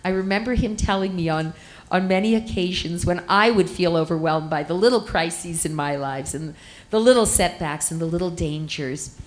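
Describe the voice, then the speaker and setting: A middle-aged woman giving an earnest, measured speech on a conference panel, stressing her words with feeling. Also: on the low side, poor audio. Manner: earnest, measured, emphatic speaking.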